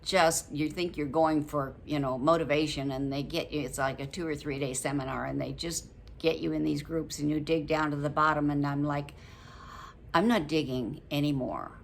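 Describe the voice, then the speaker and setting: A woman's voice: deep voice, flat delivery, a little fast, gravelly, hardly any pauses, a little hiss or hum. A woman in her late seventies chatting casually to her viewers about a book, rambling a little, with many ums and frequent laughs. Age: 70s. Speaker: vlogger reviewing a book. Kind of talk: casual chat to camera.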